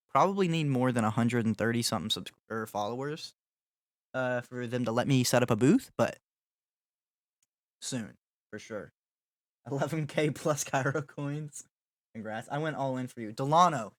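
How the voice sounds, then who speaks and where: A man's voice: medium pitch, moderate pace, no echo, studio quality. A young man chatting casually with his livestream chat while gaming, joking and making dramatic mock apologies. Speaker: streamer.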